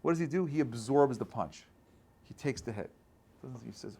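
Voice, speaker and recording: A man, a rabbi, giving an informal Torah class in a conversational way, often checking in with his listeners and building to loud, animated bursts. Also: mid-range voice, moderate pace, gravelly, breathy edge. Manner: conversational, checks in with frequent "right?".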